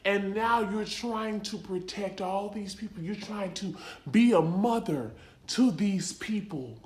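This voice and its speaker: A calm, soothing counselor, as a woman puts her on, drawing her words out very slowly and sinking to a hushed whisper. Her voice sits lower than the speaker's own and rings in an echoey room. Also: close to an everyday voice. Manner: slow, hushed, dropping into whispers.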